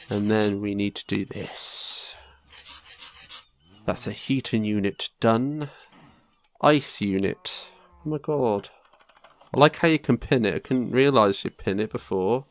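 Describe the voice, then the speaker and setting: A young gaming YouTuber mutters to himself and swears casually while commenting on his own gameplay, with faint game music behind him. His voice is lowish, a bit bright and clean, without echo.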